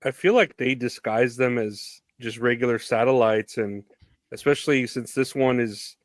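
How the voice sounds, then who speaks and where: A man's voice: mid-range voice, normal speed, no room sound. Laid-back man on a podcast. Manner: laid-back, recapping with loose filler words. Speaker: podcast co-host. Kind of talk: casual podcast chat.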